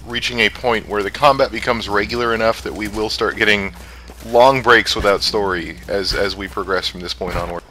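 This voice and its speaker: Man, bright tone, measured analytical game talk. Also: on the low side, fairly even intonation, slight background noise, rough recording. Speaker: co-host. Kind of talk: let's play commentary.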